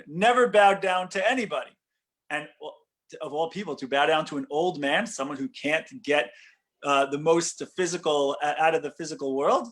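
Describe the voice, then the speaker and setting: A man, a rabbi, telling a story in a lesson, animated and often correcting himself mid-sentence. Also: a little high.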